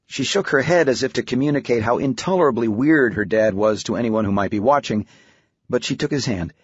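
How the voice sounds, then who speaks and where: Audiobook guy reading a novel, husky voice, dry and kinda muffled sound. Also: mid-range voice, dry recording. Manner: even, measured storytelling. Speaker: audiobook narrator. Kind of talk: scripted narration. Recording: dull, muffled audiobook recording.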